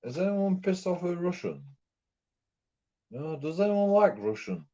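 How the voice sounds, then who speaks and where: A man's voice: high-pitched, very animated, measured pace, warm tone. A man from England, ranting in a rambling, repetitive way and swearing constantly. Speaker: streamer. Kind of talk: profane ranting monologue. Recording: dull lo-fi recording.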